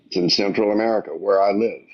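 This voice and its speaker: A man calling in to a live stream, talking in a slow, measured, calm way. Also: lowish voice. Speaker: caller. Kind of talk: casual debate. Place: lives in Central America. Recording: muffled call audio.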